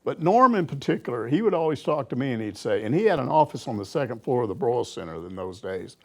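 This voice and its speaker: An older sports reporter with a gravelly, medium-pitched voice talks at a quick pace, fielding questions casually. He's an animated storyteller who chuckles through his anecdotes.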